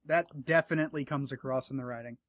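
A man's voice: mid-range voice, fairly even intonation, fast, fairly bright tone, no room sound, clean studio sound. A man hosting an interview, rambling and eager as he thinks aloud, and losing his voice. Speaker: podcast host interviewing an author. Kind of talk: casual interview chat.

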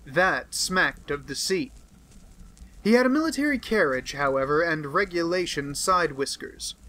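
A man voicing an aloof, brusque male detective in an audiobook, speaking in a crisp, lecturing manner. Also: on the high side, lively intonation, unhurried, bright, forceful tone, rough recording. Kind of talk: audiobook character reading.

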